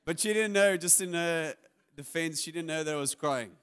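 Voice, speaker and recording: Candid pastor, smooth voice. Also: male voice, fairly high pitch, normal speed, a bit bright. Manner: candid, confessional, self-deprecating humor. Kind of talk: sermon.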